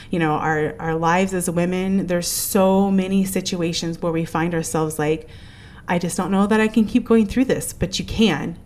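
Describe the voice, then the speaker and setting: Podcast host, woman in her thirties, slightly low voice, earnest heartfelt storyteller with lots of "like" and "um". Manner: earnest, emotional storytelling with many fillers. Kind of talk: casual interview chat.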